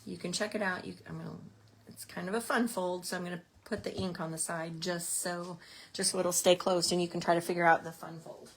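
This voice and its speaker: A woman's voice: fairly low pitch, steady tone, a little fast, breathy edge. A woman teaching a card-making class, chatting casually as she explains each step while working. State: out of breath at times. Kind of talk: casual craft tutorial.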